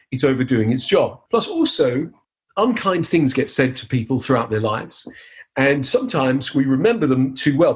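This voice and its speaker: Animated man teaching. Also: mid-range voice. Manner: animated, upbeat, playful. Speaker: hypnotist giving a seminar. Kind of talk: live teaching demonstration.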